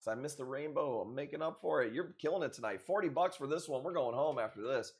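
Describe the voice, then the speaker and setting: A man running a live stream, talking to his viewers in an easygoing, off-the-cuff way. He jokes and curses freely, and his pitch sits at an ordinary middle height for a man. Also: quick pace. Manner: loose, profane, joking banter with frequent laughs. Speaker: live stream host selling corals.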